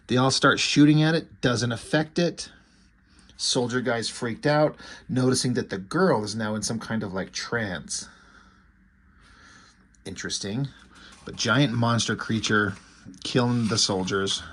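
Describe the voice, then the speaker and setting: A man's voice: lowish voice, a bit bright. A man giving a casual, rambling recap and commentary as a comic book reviewer, offhand with frequent fillers and restarts.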